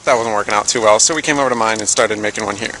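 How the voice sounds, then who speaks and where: A man's voice: lowish voice, racing, noisy background. A young man casually narrating a home video while filming friends at a backyard fire at night, through a camcorder mic. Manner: laid-back, narrating to the camera.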